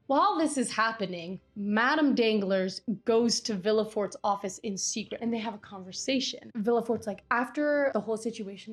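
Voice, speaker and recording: A woman's voice: mid-range voice, fast talker. A young adult woman casually recapping a long classic novel, chatty and slangy, tossing in playful quoted asides. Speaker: book vlogger.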